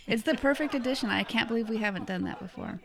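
A middle-aged American podcast co-host tells a travel story in a rambling, chatty way, laughing often. Her voice is a little high and fast, and the talk is casual.

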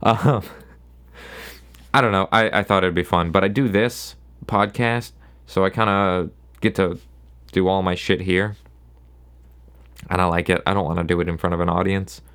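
A man's voice: low-pitched, fairly even intonation, normal speed, pauses often, a bit bright, clear, resonant tone. A man hosting his own solo podcast, rambling casually and sarcastically, often restarting his sentences. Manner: rambling, sarcastic, self-interrupting. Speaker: podcast host.

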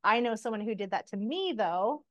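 A woman co-hosting a podcast, telling stories about her relationships in a candid, animated way, swearing freely and laughing as she talks. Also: medium pitch, moderate pace, muffled recording. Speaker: podcast co-host. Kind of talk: casual chat.

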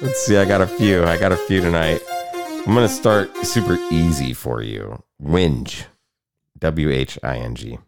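A man's voice: sits low, normal speed, over loud music. A middle-aged man hosting a casual podcast chat, crude and joking, laughing often. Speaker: podcast host.

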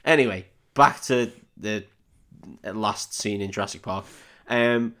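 A man's voice: on the low side, slow pace, fairly bright tone. A man co-hosting a film podcast, recapping a movie in a loose, rambling way, swearing freely and laughing as he acts out the characters' lines. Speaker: podcast co-host. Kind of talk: casual film recap chat.

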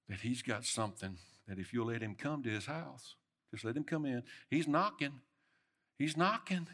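A middle-aged man preaching a sermon, swinging between loud emphatic bursts and soft murmured lines. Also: medium pitch.

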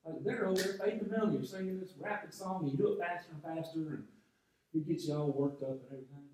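A North Georgia pastor tells a personal story during a conversational sermon, often restarting his phrases. His voice is a little high and a little mellow, expressive and quick. He's heard from a distance in a large, very echoey church sanctuary.

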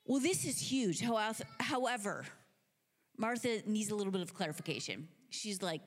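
A woman preacher telling stories in a sermon, animated and casual, with many filler words. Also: medium pitch, normal speed. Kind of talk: sermon storytelling. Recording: long hall reverb.

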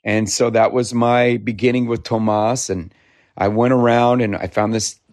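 A man from Idaho, talkative and animated, telling his story in a casual interview and laughing often. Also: medium pitch, normal speed, no echo. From Idaho, United States. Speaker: interviewee, founder. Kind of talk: conversational storytelling.

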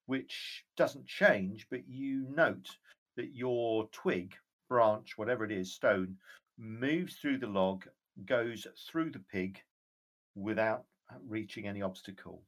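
A man running a tabletop game as game master, narrating the scene in a measured, descriptive way with occasional fillers. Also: fairly low pitch.

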